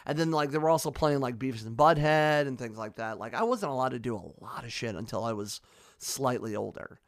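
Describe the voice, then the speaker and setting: A man's voice: medium pitch, animated, a little fast, no echo, studio quality. A young man with a Midwestern American accent hosting a podcast, telling stories in a loose, rambling way with lots of restarts and fillers. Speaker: podcast host. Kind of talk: casual interview chat.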